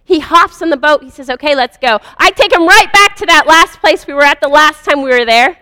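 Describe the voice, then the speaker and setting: A woman's voice: sits high, fairly quick, bright, forceful tone, no echo, long reverb tail. A woman earnestly telling a personal spiritual story in a confessional first-person way. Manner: earnest, confessional, vivid retelling. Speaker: speaker sharing a personal story.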